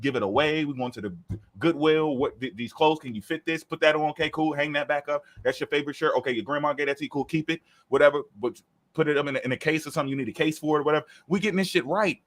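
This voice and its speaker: A man's voice: on the high side, fast talker, fairly bright tone. Man ranting with profanity. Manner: profane, emphatic, preachy rant. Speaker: podcast co-host. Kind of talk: casual group talk, ranting.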